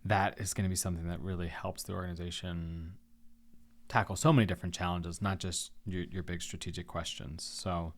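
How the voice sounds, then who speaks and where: A man's voice: low voice, level tone, fairly quick. A man hosting a podcast interview, reflective, framing ideas and steering the talk with questions. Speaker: podcast host. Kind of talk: conversational interview.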